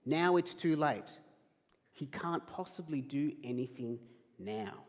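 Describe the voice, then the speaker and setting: A man's voice: a little high, animated, slow, in a large hall. A man preaching a sermon as pastor, emphatic, acting out quoted questions. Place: church hall.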